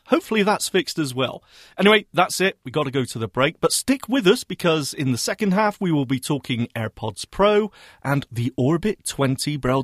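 A man co-hosts a radio tech show with a fairly high-pitched voice. He trades teasing, jokey banter and laughs easily. The studio sound is close and dry, with no room around him. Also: dry recording. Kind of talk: casual tech radio chat.

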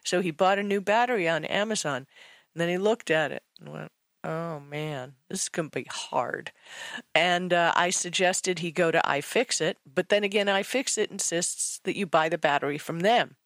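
A woman's voice: lowish voice, normal speed, a bit bright, no echo. A woman co-hosting a tech radio show and telling stories in chatty, enthusiastic casual talk. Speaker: co-host and author.

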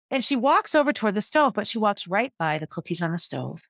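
A woman's voice: mid-range voice, big pitch swings, fast talker, hardly any pauses, fairly bright tone, no echo, clean studio sound. A woman, a former teacher, telling a personal story in a vivid, descriptive way that walks listeners through a scene.

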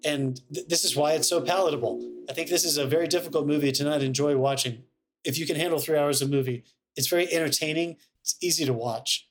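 A laid-back man co-hosting a movie podcast, musing aloud in casual talk. His voice is pitched a bit high, and he keeps calling others dude. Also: fast talker. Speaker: podcast co-host. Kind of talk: casual movie review chat.

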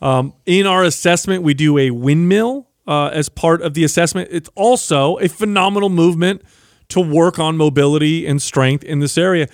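A man's voice: fairly high pitch, normal speed, no echo, studio quality. A man co-hosting a fitness podcast, walking listeners through exercises step by step. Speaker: podcast co-host. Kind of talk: casual fitness podcast chat.

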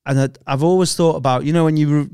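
A man's voice: a little high, fairly even intonation, mellow, smooth, no room sound, studio quality. A young man, chatting casually as a podcast co-host in a rambling, sweary way. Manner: rambling and sweary, with quick restarts. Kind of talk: casual chat.

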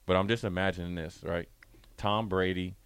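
A man's voice: low-pitched, steady tone, moderate pace, a bit bright, clear, resonant tone, no room sound. A man talking sports in a playful, riffing debate, spinning out game scenarios. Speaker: sports talk host.

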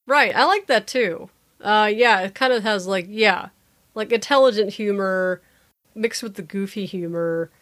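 A woman co-hosting a casual chat, relaxed and easygoing, often trailing off softly. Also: mid-range voice, unhurried. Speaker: podcast co-host.

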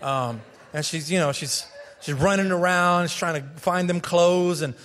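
High-voiced pastor preaching in an echoing sanctuary. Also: male voice, moderate pace. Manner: animated, conversational preaching with humor and repetition. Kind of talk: sermon. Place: church sanctuary.

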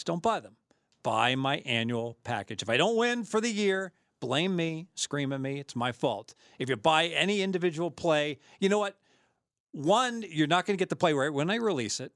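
A man's voice: fairly high pitch, fairly bright tone, dry recording, studio quality. A man, a sports betting handicapper, chatting casually about his picks with a joking, salesman-like manner.

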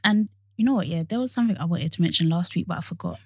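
A young woman co-hosts a podcast in relaxed, animated chat and laughs often. Her voice has a husky edge. The sound is dry and close. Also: fairly low pitch, no echo. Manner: chatty and animated, laughs often, drawn-out phrasing. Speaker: podcast co-host. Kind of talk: casual chat.

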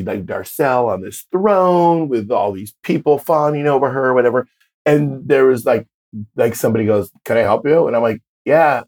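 A man in his fifties, a drag performer, telling stories in a casual interview and acting out the voices of the people he quotes. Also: medium pitch. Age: 50s. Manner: animated storyteller, acts out quoted voices.

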